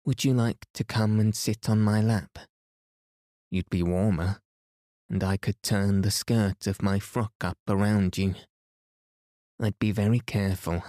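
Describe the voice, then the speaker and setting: A man reading as a gentle young girl. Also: low-pitched, fairly even intonation, takes it slowly, dry recording, clean studio sound. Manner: gentle, earnest. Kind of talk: bedtime storybook reading.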